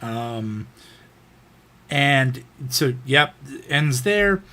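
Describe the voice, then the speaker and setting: A man's voice: medium pitch, expressive, very slow, sharp tone. A man giving a casual, unscripted history lecture, rambling with frequent fillers and restarts.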